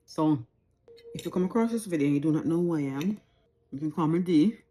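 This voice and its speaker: A Jamaican woman in her forties vlogs from home, speaking unscripted to camera in a low, mellow voice that is animated and brisk. She talks reflectively and earnestly, repeating phrases for emphasis.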